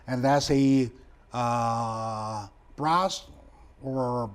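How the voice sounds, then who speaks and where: A man hosting a discussion show, telling stories with emotional, excitable bursts and repeating words for emphasis. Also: extremely slow, slight background noise. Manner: animated, emotional retelling with sudden loud raised pitch; non-native phrasing, repeats words for emphasis. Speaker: talk show host.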